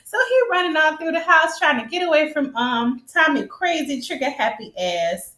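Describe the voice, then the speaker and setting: A woman's voice: sits high, normal speed, hardly any pauses, roomy sound. A woman recapping a TV episode in casual, slangy chat, speaking straight to her viewers and acting out scenes with sound effects. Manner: animated storytelling with sound effects and laughter.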